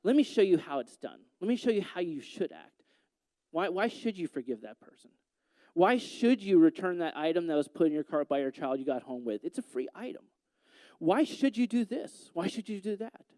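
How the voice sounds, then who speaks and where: A man preaching a sermon as pastor, animated, asking rhetorical questions and acting out quoted voices. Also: high-pitched, smooth, dry recording.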